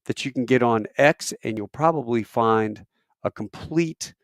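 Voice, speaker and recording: With a medium pitch and a measured pace, this man speaks in a dry recording with clean studio sound. He works as airline crew and is chatting casually on a live stream through a camera mic, rambling with fillers and restarts as he tells stories.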